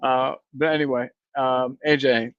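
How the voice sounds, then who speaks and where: A man's voice: medium pitch, level tone, measured pace, smooth, no echo. A man hosting a casual fan stream, rambling and reading viewer comments aloud. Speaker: podcast host reading live chat. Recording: dry, dull lo-fi mic sound.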